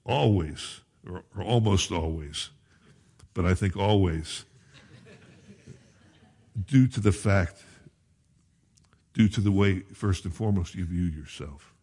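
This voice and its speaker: Male pastor, slightly low and husky voice, conversational preaching with asides. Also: slow, pauses often, dark tone. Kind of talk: sermon.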